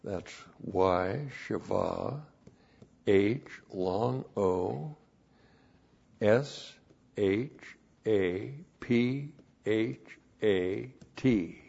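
A man's voice: fairly low pitch, drawn-out words, gravelly, dark tone, slightly rough. A man preaching a sermon with Bible teaching, repeating phrases for emphasis and spelling out words letter by letter. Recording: dull lo-fi recording.

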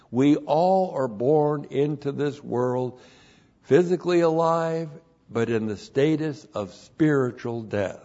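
A man teaching scripture in a sermon, emphatic and deliberate, laying out numbered points and repeating each one, on a dull lo-fi recording. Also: medium pitch, a little mellow. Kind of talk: verse-by-verse Bible teaching sermon.

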